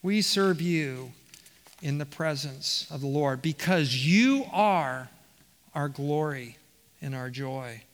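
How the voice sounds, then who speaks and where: A man's voice: on the high side, takes it slowly. A man preaching a verse-by-verse sermon as the pastor, reading passages aloud and often restarting his phrases. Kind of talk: expository sermon. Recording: reverberant hall.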